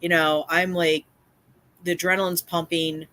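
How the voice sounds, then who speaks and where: A woman's voice: fairly low pitch, level tone, normal speed, a bit bright, dry recording. A woman hosting a livestream who tells her chat about a neighbor with emphatic repetition, many fillers and restarts, sounding upset and shaken. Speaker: livestream host and community cat caretaker.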